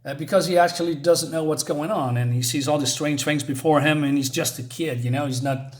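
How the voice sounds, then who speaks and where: A man's voice: a little high, steady tone, brisk. A man reviewing a comic book in a casual vlog, talking hesitantly with many fillers and restarts.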